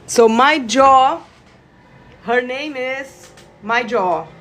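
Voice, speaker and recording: A woman leading a live energy-healing session, guiding listeners with gentle instructions and sudden bursts of excited laughter. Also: sits high, drawn-out words, a little hiss or hum. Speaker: reiki practitioner. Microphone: phone livestream.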